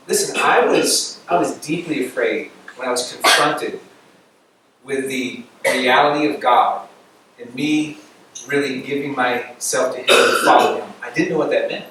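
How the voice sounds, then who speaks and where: A young man giving a casual campus sermon, animated storytelling that acts out the people he quotes. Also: mid-range voice, measured pace, a little hiss or hum. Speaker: campus ministry speaker. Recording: echoey room recording from far off.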